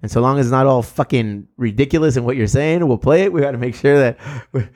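A man's voice: mid-range voice, fast, a little mellow. A man in his thirties co-hosting a podcast, loose and profane, laughing often and dropping Spanish phrases into his talk. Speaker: podcast co-host. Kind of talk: casual podcast banter.

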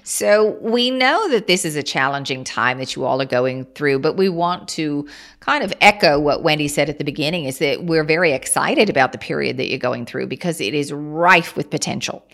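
A woman voicing a gentle collective of otherworldly star beings. She addresses the listener formally and calls them dears, with slow, measured phrasing and soft hums between thoughts. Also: low-pitched, lively intonation. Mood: welcoming. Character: collective of ninth-dimensional Pleiadian beings, gentle and welcoming. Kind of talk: channeled speech.

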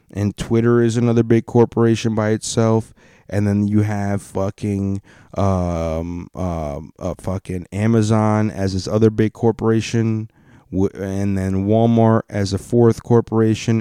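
A man's voice: fairly low pitch, mellow, clean tone, dry recording, clean studio sound. A man in a casual, rambling rant full of swearing and restarts. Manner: rambling, profane, restarts a lot.

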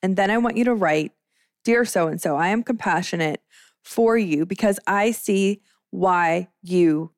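Hosting a podcast, this thirtysomething woman shares a personal story candidly and chattily, with lots of filler words. Her mid-range voice moves at a measured pace, captured dry with studio quality.

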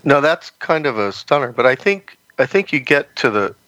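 A man's voice: medium pitch, big pitch swings, moderate pace, a bit bright, no room sound, low-quality recording. A man guesting on a podcast, chatting casually and rambling with plenty of "you know" fillers. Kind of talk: casual interview chat.

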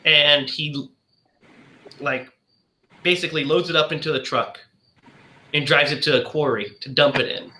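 A man's voice: a little high, steady tone, normal speed, long pauses, pushed and bright, roomy sound. A man chatting casually on a podcast, retelling a film plot in a rambling way, full of "like" and "you know".

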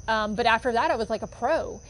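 Fairly high-pitched and fairly quick, the foster volunteer keeps telling casual, heartfelt stories about her dogs, peppered with fillers and moments of emotion. The recording is rough.

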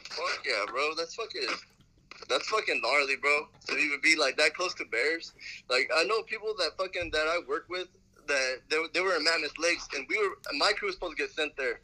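A man with a bright, slightly high voice hosts a podcast in a laid-back, easygoing way. He drops slang and curses casually as he chimes in with his own stories. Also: a little fast, poor audio.

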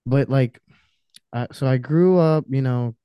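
A man's voice: medium pitch, a little slow, clean tone, no room sound, highs cut off. A man who is a podcast guest, talking in a casual, heated, emphatic way and swearing often. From Romanian family background. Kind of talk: casual, profane podcast rant.

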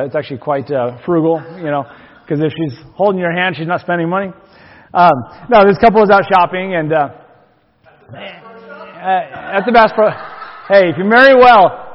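A man preaching a sermon as pastor, folksy and joking between readings from scripture. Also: on the high side. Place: church sanctuary. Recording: long hall reverb, dull lo-fi sound.

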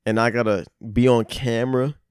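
A man's voice: mid-range voice, fairly even intonation, brisk, darkish tone, clear, resonant tone, no echo, clean studio sound. A young man in casual chat who reacts in a laid-back, slangy way.

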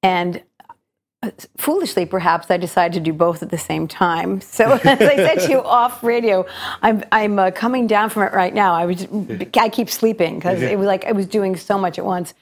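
A middle-aged woman, an actress and cabaret singer, talking as a guest in a radio interview, her voice slightly gravelly today, telling stories in a chatty, reflective way with many restarts. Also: mid-range voice, normal speed.

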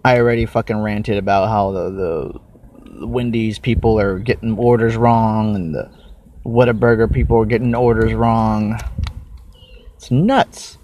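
A man's voice: lowish voice, steady tone, normal speed, darkish tone, a little hiss or hum. A young man hosting a casual solo podcast, rambling and cursing while he chews and snacks on mic. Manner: rambling, swears a lot, chews and eats while talking. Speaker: podcast host.

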